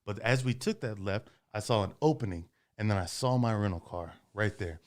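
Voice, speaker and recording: Podcast host, man, low and smooth voice, casual and foul-mouthed storyteller. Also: a little fast. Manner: profane, animated storyteller.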